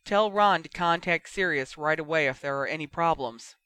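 A man reading a story aloud and voicing a patient, measured older male teacher who speaks calmly and quietly. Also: a little high, clean tone, no room sound. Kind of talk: audiobook character voice.

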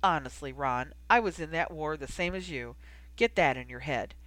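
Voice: medium pitch, normal speed, a bit bright, no room sound, lightly acted. A reader voicing a feisty, teasing young woman who talks back defiantly, in an audiobook reading.

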